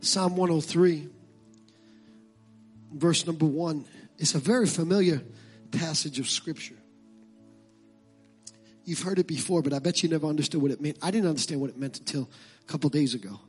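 A man preaching a sermon as pastor, swinging from impassioned shouted calls to relaxed conversational asides. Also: a little high, normal speed, pauses often, breathy edge, soft background music.

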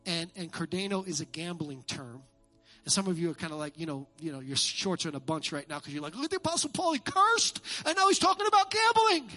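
A man preaching a sermon as a pastor, animated and joking with his congregation in a church. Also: a little high. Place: church sanctuary.

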